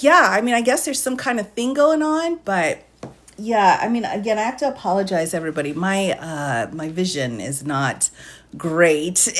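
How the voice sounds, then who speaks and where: A woman talking casually on a live stream, breaking into laughter again and again. She apologizes often and keeps a chatty, friendly flow, her pitch sitting in a middle range. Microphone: phone or computer mic.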